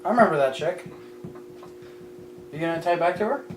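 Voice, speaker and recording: A man's voice: high voice, expressive, brisk, distant mic, music in the background. A young man in casual chat among friends, teasing and wry, often trailing off into mutters. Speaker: podcast regular. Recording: echoey room with faint hum.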